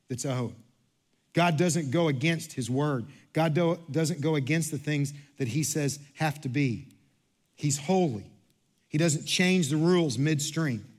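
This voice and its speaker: A man with a high voice delivers a sermon to his church. He repeats phrases and restarts often. His delivery swings from hushed, low stretches to loud, rising passages. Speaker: pastor.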